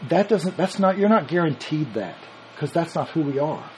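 Speaking somewhat high with wide pitch swings, a Bible teacher preaches a sermon in an easy, expressive, conversational way at a moderate pace. He reasons aloud and often restarts a phrase before pressing his point, while poor audio carries a faint hum of ambience behind him.

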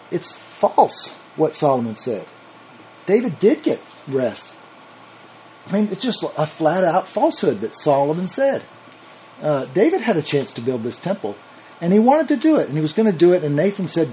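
A man's voice: on the high side, big pitch swings, normal speed, dark tone, slight background noise, poor audio. A man teaching a sermon on scripture in a conversational way, reasoning aloud and restarting his sentences. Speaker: Bible teacher.

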